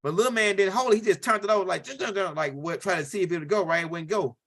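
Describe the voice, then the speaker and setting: Guy doing casual stand-up, highish voice, rambly, says right? a lot. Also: racing, fairly bright tone. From Louisiana. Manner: rambling, repeats himself, keeps asking "right?". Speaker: comedian.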